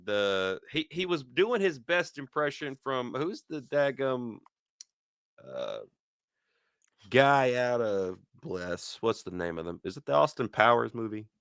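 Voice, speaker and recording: A man hosts a casual wrestling review, telling each segment as an animated story and doubling back on his words. His voice is bright and smooth. The sound is dry and close. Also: medium pitch, measured pace, no room sound. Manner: animated storyteller who acts out quotes, laughs often; repeats words and restarts mid-sentence.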